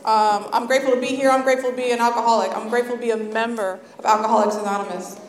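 A woman's voice: fairly high pitch, steady tone, rapid-fire, slight background noise. An American woman from Napa, California, speaking to an audience at a recovery meeting, nervous, candid and heartfelt, into a stand microphone. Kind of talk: personal testimony to an audience. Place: meeting hall, indoors. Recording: echoey hall reverb.

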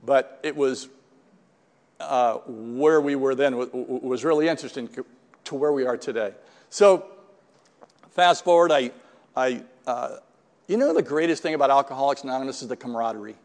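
A man's voice: mid-range voice, normal speed, pauses often, a little mellow, in a large hall. A man in his sixties giving a rambling personal testimony at a recovery meeting, full of restarts and asides. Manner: rambling storyteller, many restarts and "right?" tags.

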